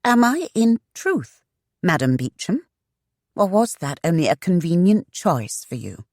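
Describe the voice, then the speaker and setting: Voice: mid-range voice, very animated, measured pace, a little mellow, no room sound, studio quality, voice pushed up. A narrator voicing a determined young woman who questions a man with open suspicion. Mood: probing. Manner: pointed, probing.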